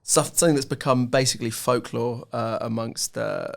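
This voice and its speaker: A man's voice: medium pitch, steady tone, normal speed, vocal fry. A man hosting a podcast interview, framing questions with many fillers. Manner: hesitant, lots of fillers while framing questions. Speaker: podcast host.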